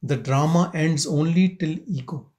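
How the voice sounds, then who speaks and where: A man gives a slow, reflective spiritual talk to a gathering. His voice sits on the high side, and he speaks very unhurriedly, pausing between questions. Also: a little mellow. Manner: slow, questioning, with long pauses. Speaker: spiritual teacher leading satsang. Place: meditation centre hall.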